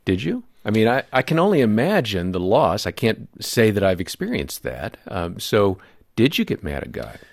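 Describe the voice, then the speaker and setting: Low-voiced host guy, gentle questions, dry studio mic. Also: very animated, moderate pace, gravelly, no echo. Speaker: radio show host. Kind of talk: interview questions.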